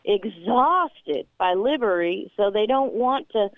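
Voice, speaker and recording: A woman's voice: medium pitch, lively intonation, takes it slowly, dry recording, narrow, tinny audio. A woman attorney speaking as a guest on a talk show, earnest and emphatic, repeating words as she builds her points. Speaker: constitutional expert and attorney. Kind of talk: casual talk show interview.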